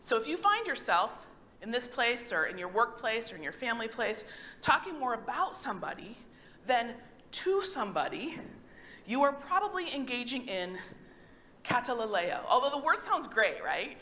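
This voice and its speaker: Woman pastor, 30s, conversational sermon delivery, bright tone, higher voice, quizzes the pews. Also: normal speed, slight background noise. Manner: conversational, animated, asks the congregation questions. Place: church sanctuary.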